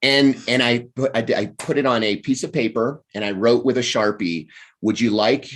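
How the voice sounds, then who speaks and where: A middle-aged American man, a coach and author, telling his life story as a guest in a casual interview, with animated pacing and frequent restarts. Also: mid-range voice, moderate pace. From United States.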